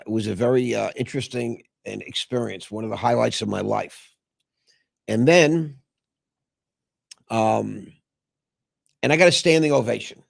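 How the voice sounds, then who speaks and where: A man hosting a show, telling a personal story in a rambling way with many filler pauses. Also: medium pitch, gravelly, dry recording, clean studio sound. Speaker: show host. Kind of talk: casual storytelling.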